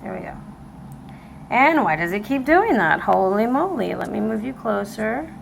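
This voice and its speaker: A woman giving a casual tarot reading to camera, excitable and emotional, talking straight to her viewers. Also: mid-range voice, moderate pace, vocal fry, slight background noise, low-quality recording. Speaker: tarot reader. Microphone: camera mic.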